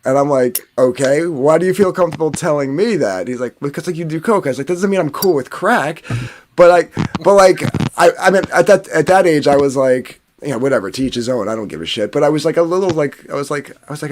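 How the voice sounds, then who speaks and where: A man from New Jersey spins a long casual story, packing it with fillers, restarts and swearing. His voice sits a little higher than most men's. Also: animated, fairly quick, a little hiss or hum. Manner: rambling, filler-heavy, swearing. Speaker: podcast panelist.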